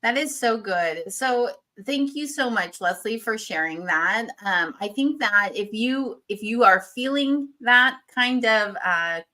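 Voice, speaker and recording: A woman's voice: on the high side, lively intonation, slow pace, hardly any pauses, pushed and bright, rough recording. Enthusiastic woman hosting a livestream. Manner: enthusiastic and gushing. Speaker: livestream host. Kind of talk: livestream interview.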